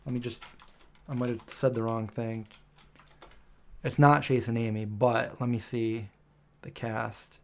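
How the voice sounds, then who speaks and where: Streamer host, male, mid-range pitch: casual, rambling, hesitant live-chat delivery. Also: little pitch movement, measured pace, creaky, pauses often. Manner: chatty, rambling, lots of um and self-correction.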